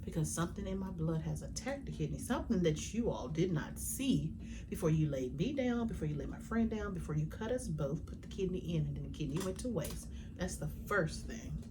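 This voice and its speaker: A woman with a somewhat low voice tells her own story to the camera in a heartfelt, conversational way. She uses colloquial grammar and at times sinks into a hushed whisper. A steady background noise sits under the recording. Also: brisk. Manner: sometimes drops to a hushed whisper. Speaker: vlogger. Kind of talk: personal storytelling.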